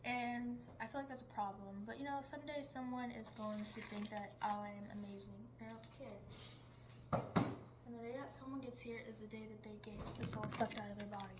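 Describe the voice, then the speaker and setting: In this casual vlog, a teenage girl with a steady, medium-pitched voice talks at a normal pace over background noise. She's chatty, jumps around between subjects, and laughs frequently.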